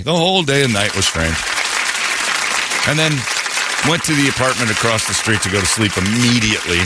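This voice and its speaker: A man's voice: low-pitched, very noisy. A man hosting a morning radio show, telling a story in casual chat and laughing as he goes. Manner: animated, laughing, puts on voices in quotes. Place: radio studio.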